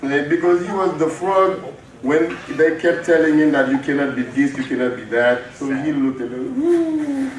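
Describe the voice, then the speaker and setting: A man, a mayor, reading a picture book aloud to children, animated, laughing often and asking the kids questions. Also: a little high, normal speed. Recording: echoey room, heard from far off, children around.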